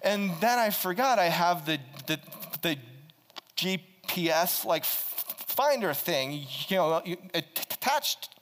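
A man preaching a sermon as a pastor, telling a personal story in an animated way, with frequent restarts and stammers. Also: sits high, takes it slowly, long reverb tail, slight background noise. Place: church.

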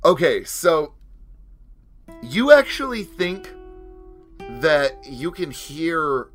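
A man's voice: on the high side, sing-song, extremely slow, a bit bright, faint music behind. A man narrating as game master in a tabletop game, hesitant and full of fillers.

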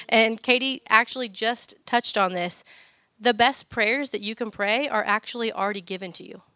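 A woman's voice: on the high side, bright, forceful tone, no room sound. A woman giving a practical, upbeat teaching talk to parents at church, casual in her phrasing. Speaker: church speaker.

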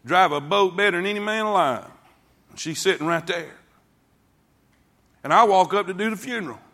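A pastor delivering a sermon in a bright, forceful, rather high voice. He tells folksy stories to his congregation, dropping to hushed asides and then rising to shouts. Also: normal speed. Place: church sanctuary before a congregation.

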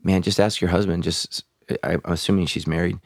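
A man's voice: low-pitched, fairly even intonation, a little fast, dry recording, studio quality. A man, a pastor answering listener questions in a casual podcast chat, speaking frankly with joking asides and frequent restarts.

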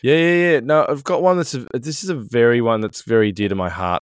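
A man's voice: mid-range voice, a little fast, clear, resonant tone, no room sound. Sweary man ranting. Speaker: podcast co-host. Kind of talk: casual chat.

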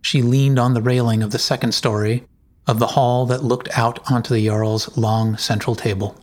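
A man narrating a story in a measured, deliberate way. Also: mid-range voice, flat delivery, darkish tone.

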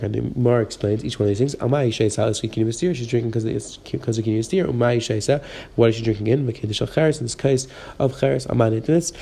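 A man teaching a Talmud page, quickly reading the Aramaic and explaining it in English. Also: mid-range voice, gravelly, mellow. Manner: rapid, mixing Aramaic and English. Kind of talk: fast daf yomi lesson.

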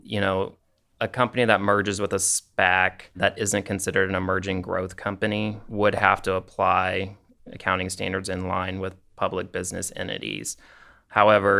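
A man explaining technical accounting rules on a podcast, steady and methodical, with frequent filler phrases. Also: sits low, gravelly, clean tone. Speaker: accounting expert guest.

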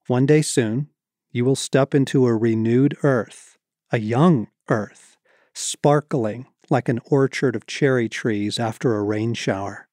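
A man reads from his own writing in a soft, mellow tone. His delivery is reflective and reverent, broken by relaxed conversational asides. The sound is close and dry, with no room around it. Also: mid-range voice, takes it slowly, dry recording. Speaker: author reading from his book. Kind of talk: reading a book aloud with casual asides.

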